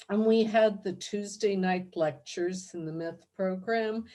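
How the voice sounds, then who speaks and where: A woman's voice: medium pitch, darkish tone. A woman, a former student, sharing a memory on a video call, emotional and heartfelt. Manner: slow and heartfelt.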